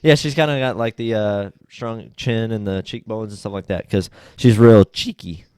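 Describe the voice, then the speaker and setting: A young man hosting a casual podcast, laid-back and blunt, swearing freely and getting animated when he retells stories. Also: fairly low pitch, normal speed, smooth, no echo, studio quality. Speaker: podcast host. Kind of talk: casual chat.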